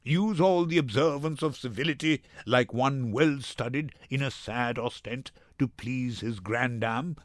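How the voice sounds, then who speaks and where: A man's voice: mid-range voice, measured pace, hardly any pauses, dry recording, studio quality, voice pushed down, close to an everyday voice. A man doing a rowdy young gallant gone mock-solemn. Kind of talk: dramatic reading.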